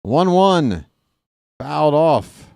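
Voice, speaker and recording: A man's voice: a little high, sing-song, extremely slow, vocal fry, warm tone, smooth, no echo, clean studio sound. A man doing live fan play-by-play of a baseball game, chatty and joking, openly rooting for his team.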